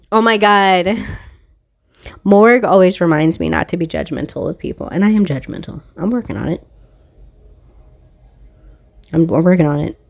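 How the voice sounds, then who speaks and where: A woman's voice: fairly low pitch, darkish tone, no echo. A woman reading tarot cards in a casual monologue recorded on a phone, blunt, profane and confrontational. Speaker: tarot reader.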